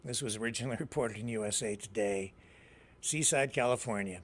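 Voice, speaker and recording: A man's voice: lowish voice, fairly even intonation, fast. A Canadian man with a Canadian English accent hosting a live news show, rambling through casual commentary and often laughing at his own jokes.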